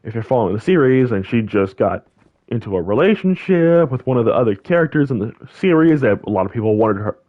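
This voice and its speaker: A man's voice: mid-range voice, fast, dull audio. Rambling young man chatting over gameplay. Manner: rambling, animated, lots of fillers and restarts. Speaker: gaming channel host. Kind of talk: casual chat over gameplay.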